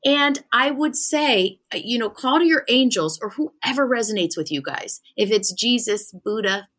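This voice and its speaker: A young woman with a bright, forceful voice tells her stories in a chatty, animated way. She slips into the voices of the people she describes, then gives calm, practical advice in a casual podcast conversation. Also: a little high, normal speed. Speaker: spiritual medium guest.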